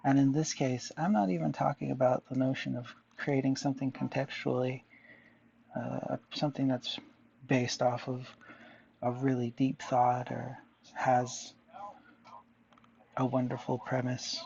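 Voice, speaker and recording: A man's voice: medium pitch, flat delivery, measured pace, vocal fry, pauses often, a little mellow, muffled recording. A man chatting casually to viewers while drawing, rambling and musing aloud, often answering himself. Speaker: artist vlogger.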